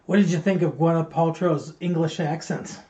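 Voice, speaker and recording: A man's voice: fairly high pitch, fairly even intonation, normal speed, dark tone. A man co-hosting a podcast, reviewing a film in rambling, joking casual chat and teasing his co-host. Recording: muffled lo-fi stream audio.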